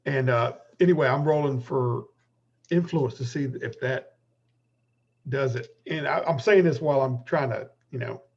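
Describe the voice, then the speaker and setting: A man's voice: mid-range voice, moderate pace, creaky, slightly rough, dull audio. A man playing a tabletop game, casually describing his character's actions and thinking aloud. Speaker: player.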